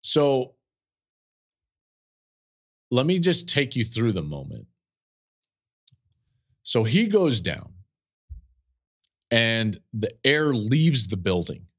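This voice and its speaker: A man's voice: mid-range voice, big pitch swings, very slow, pauses often, fairly bright tone, slightly rough. A male podcast host telling a personal story in an earnest, openly emotional way. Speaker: podcast host, football analyst.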